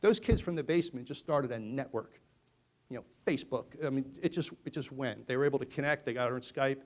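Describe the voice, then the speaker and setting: Animated middle-aged man giving a talk. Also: medium pitch, fast talker. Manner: animated storyteller, swings from loud to hushed. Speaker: conference speaker. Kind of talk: presentation to an audience.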